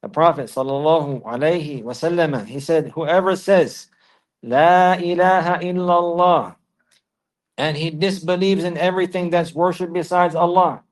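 A man's voice: a little high, moderate pace, hardly any pauses. A man teaching a religious lesson, who recites in Arabic and then explains in English, repeating key phrases for emphasis. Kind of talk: Islamic lesson, explaining texts.

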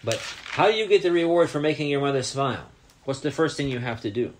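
A gentle man speaks to young children in a soft, unhurried voice, telling a simple story as their teacher. He keeps checking in with small questions like "huh?" to hold their attention. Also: medium pitch, lively intonation.

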